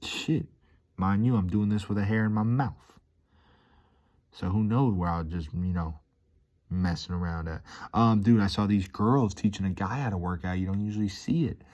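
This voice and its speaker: This vlogger's voice is fairly low and darkish, at a moderate pace. He chats casually and upbeat, easily hyped, and is so laid-back that "dude" and "man" show up in almost every line.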